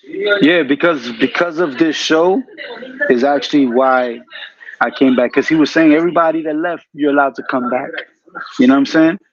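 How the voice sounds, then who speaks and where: A man's voice: fairly high pitch, normal speed, a crowd in the background. A man talking as a guest in a casual, laid-back way. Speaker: guest, former member. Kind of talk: casual conversation. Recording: dull lo-fi audio.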